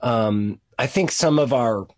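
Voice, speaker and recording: A man's voice: medium pitch, takes it slowly. A man in casual conversation who rambles, laughs often and fills his talk with "you know" and "like".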